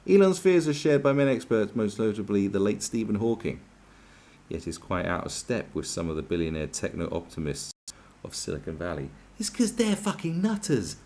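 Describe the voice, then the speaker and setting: A man delivers a profane, sarcastic rant. His pitch swings widely as he mocks and complains, his exasperation plain in every jab. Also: big pitch swings, moderate pace, a little mellow. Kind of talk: ranting commentary.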